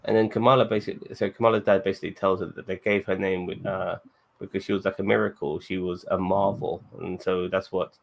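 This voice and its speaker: A man with a very deep voice and a gravelly, fry-heavy edge recaps a show in a loose, rambling way. He keeps stopping and restarting between uhs and ums. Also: flat delivery, fast talker. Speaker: podcast co-host recapping the episode. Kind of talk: casual chat.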